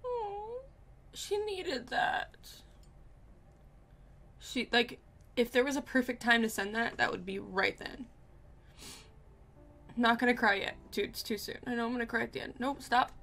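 Emotional young woman reacting with creaky exclamations. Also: fairly high pitch, animated, normal speed, pushed and bright. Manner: emotional, gasping and exclaiming, talking to herself. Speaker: reaction video host. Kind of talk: casual reaction commentary.

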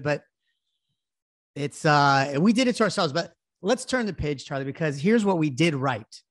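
A man in his thirties co-hosting a sports podcast, talking in a slightly higher register with lively, self-deprecating storytelling. His voice is dry and close, with no room sound. He chats casually about games and bets. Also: normal speed, no room sound. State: recovering from illness. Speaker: podcast co-host. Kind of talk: casual sports betting chat.

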